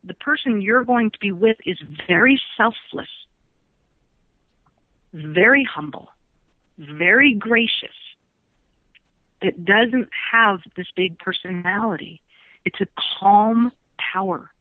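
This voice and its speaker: Taking it slowly with long pauses, a woman psychic with a mid-range voice gives a phone-in reading to a radio studio. The tinny line sounds dry, and she is emphatic, repetitive and quick to laugh.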